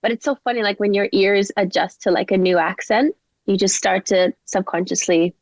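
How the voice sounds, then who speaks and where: A young woman from England speaks in a lively, chatty way, scattering casual fillers through her story. Her mid-pitched voice carries a gravelly, creaky edge. The recording is dry and a little dull, with the lo-fi feel of a podcast. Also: normal speed, dry recording. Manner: chatty, animated, many "like" fillers. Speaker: guest singer-songwriter. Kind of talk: casual interview chat.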